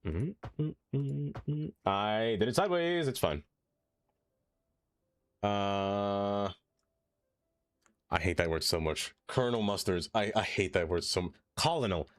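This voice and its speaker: Male game streamer, low voice that swings wide when he gets worked up, dry close sound, chatty and ranting. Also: measured pace, long pauses, no room sound. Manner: animated, ranting and laughing while reading chat aloud. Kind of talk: casual live-stream chat while playing.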